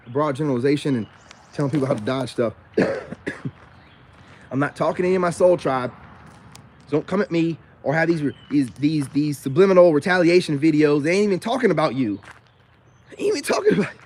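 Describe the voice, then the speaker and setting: Fairly high and a little mellow, this male vlogger's voice comes with slight hiss or hum as he chats casually to camera. Teasing and slangy, he rambles, slips into flirty crooning asides, and repeats "you know what I'm saying."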